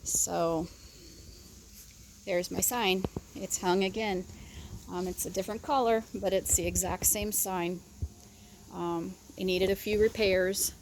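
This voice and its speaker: A woman's voice: medium pitch, steady tone, slow, pauses often, a little mellow. A woman in her forties giving a casual vlog tour, rambling fondly through memories with lots of fillers and getting choked up, recorded on a handheld phone outside a windy craft shed. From southern Indiana. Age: 40s. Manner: rambling, fond reminiscing with frequent fillers. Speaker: craft vlogger.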